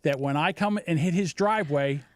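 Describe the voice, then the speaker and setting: A man in his sixties telling a story in casual chat, acting out the people in it with animated voices. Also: a little high, brisk, dry recording, studio quality. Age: 60s. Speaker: podcast host.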